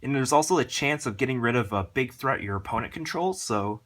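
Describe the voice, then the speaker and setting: Rushed, rambling man explaining a deck. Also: medium pitch, animated, fairly bright tone. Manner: rushed, rambling, lots of fillers. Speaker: card game channel host. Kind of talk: casual deck walkthrough.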